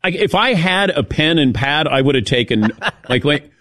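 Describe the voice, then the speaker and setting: A man hosting a radio talk show tells stories in casual chat as an animated storyteller, mimicking people in a raised, higher voice. He speaks at a normal speed, and the audio is studio quality with no room sound.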